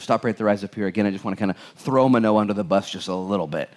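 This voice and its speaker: A man preaching a sermon as pastor, animated, acting out the people in the Bible passage with jokes. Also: lowish voice, very fast, few pauses.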